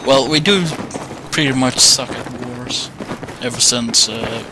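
A man's voice: mid-range voice, unhurried, background noise. A man from Denmark in casual gaming chat, joking and laughing often. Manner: giggly, animated and joking. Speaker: gameplay commentator. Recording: loud gunfire behind voice.

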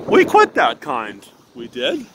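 A man's voice: a little high, wildly swooping pitch, slow pace, background noise. A man, a little out of breath, ranting and swearing casually to viewers while cycling outdoors in winter, recorded on a handheld phone. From Canada. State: slightly out of breath. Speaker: vlogger. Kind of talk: casual ride-along vlog. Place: outdoors on a bicycle in winter traffic.

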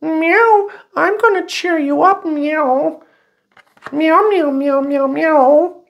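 A man's voice: very slow, vocal fry, full character voice. A man voicing a cute cat that coos and meows sweetly to comfort someone. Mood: cooing. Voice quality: very high cooing voice. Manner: sweet, meowing between words. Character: cute cooing cat comforting a sad woman.

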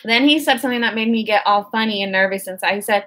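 A woman's voice: medium pitch, quick pace, a bit bright. A woman narrating an audiobook in the first person, with a wry, conversational storytelling manner.

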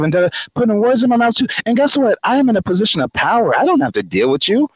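A man with a fairly high voice tells a story as a guest in a chat. He is animated and often doubles back on his words. The sound is dry and close. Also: fast talker, few pauses, dry recording, rough recording. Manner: animated, repeats words while telling a story.

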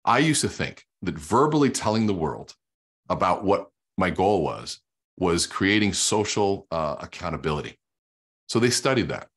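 Brief: middle-aged male speaker, deep and a little husky, teaches like a coach while sketching on a whiteboard. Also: very animated, moderate pace, fairly bright tone. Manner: storytelling with quoted dialogue, emphatic. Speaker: guest speaker and sales coach. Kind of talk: energetic explanatory talk.

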